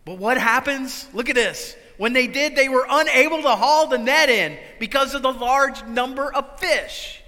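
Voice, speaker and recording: High, bright-voiced male preacher in a hall. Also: moderate pace, hardly any pauses. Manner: dynamic preaching, swings from loud to hushed. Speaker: pastor. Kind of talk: sermon.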